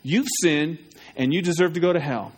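A man preaching with urgent, pleading force. His voice sits a little high for a man, and he keeps firing questions straight at the congregation. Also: moderate pace, husky. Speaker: pastor. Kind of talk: evangelistic sermon.

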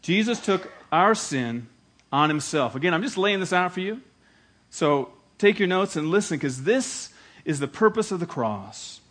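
A man's voice: sits high, very animated, a little slow, fairly bright tone. A male pastor preaching a sermon, emphatic and dramatic in storytelling.

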